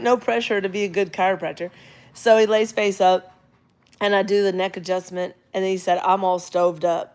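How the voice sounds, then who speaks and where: A middle-aged woman, a chiropractor casually telling a story and quoting the people in it. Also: medium pitch. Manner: chatty, animated storyteller who quotes others in character. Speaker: chiropractor and vlog host.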